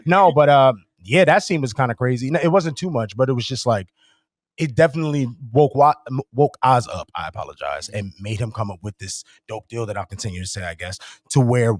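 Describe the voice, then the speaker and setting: Brief: quick male podcast host, lively swooping pitch, slangy. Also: dry recording, clean studio sound. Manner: animated, slangy. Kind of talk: casual chat.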